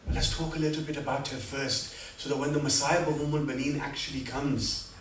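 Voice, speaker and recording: A man giving a sermon at a religious gathering, telling stories with dramatic rises and soft, quiet reflections. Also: mid-range voice, little pitch movement, a little fast. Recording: echoey hall, speaker far from mic, faint room noise.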